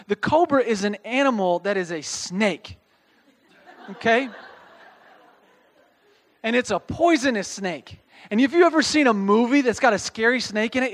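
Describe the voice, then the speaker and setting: A man's voice: extremely high pitch, fairly bright tone. A man preaching a conversational sermon. He reads scripture aloud, explains it in plain words and keeps checking in with listeners by asking "okay?". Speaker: pastor.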